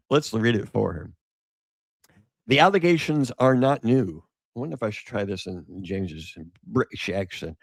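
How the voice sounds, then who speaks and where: A man with a gravelly, creaky voice hosts a podcast, picking through an article out loud and breaking off for sarcastic side comments. The sound is dry and close, with no room around it. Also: fairly low pitch, expressive, a little slow, pauses often, no room sound. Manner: sarcastic, rambling asides. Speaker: podcast host. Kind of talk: casual commentary reading an article aloud.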